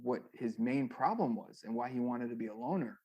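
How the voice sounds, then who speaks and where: Gravelly man telling rambling stories. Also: mid-range voice, fairly quick, highs cut off. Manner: rambling, animated anecdotes with many fillers. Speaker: guest, former music manager. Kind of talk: casual storytelling interview.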